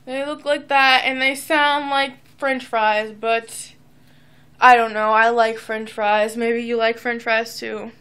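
Teenage girl, high-pitched, bright, bubbly and rambling, at home vlog. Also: flat delivery, takes it slowly, clear, resonant tone. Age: teens. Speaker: vlogger. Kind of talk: casual chat to camera. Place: at home, indoors.

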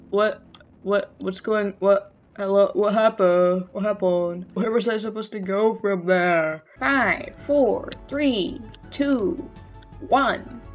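A gaming creator rambling through casual gameplay commentary in a mid-pitched voice, full of sarcastic asides and self-corrections. They burst into jokey, excitable outbursts now and then. Faint game music runs underneath.

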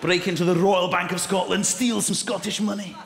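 A man performing a stand-up comedy routine on a theatre stage, animated and shouting punchlines, sometimes slipping into put-on voices. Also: high voice, a little fast, creaky, a little hiss or hum. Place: large theatre with live audience. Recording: echoey hall with loud crowd.

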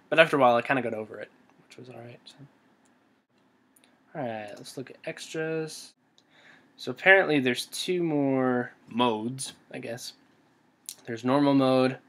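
Husky-voiced nervous young gamer guy. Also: mid-range voice, fairly bright tone. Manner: jumpy, nervous, talks to himself. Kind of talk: let's play commentary.

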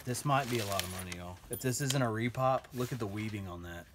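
A man chatting excitedly as he unboxes finds, sometimes dropping to a whisper. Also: fairly low pitch, quick pace. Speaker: storage unit buyer and vlog host. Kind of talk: casual unboxing commentary. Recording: noisy handheld recording with paper crinkling.

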